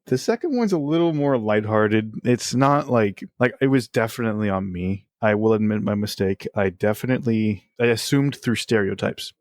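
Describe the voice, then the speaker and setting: A man, a guest on a casual podcast, candidly telling personal stories and getting animated as he retells them. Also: fairly low pitch, normal speed, few pauses, no room sound, studio quality. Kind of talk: casual storytelling.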